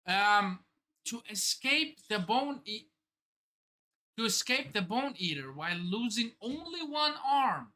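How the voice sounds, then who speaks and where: Man, live manga reaction streamer, excitable, swears a lot, bright voice, slow drawn-out talk. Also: sits high. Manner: excitable, swears, narrates pages aloud.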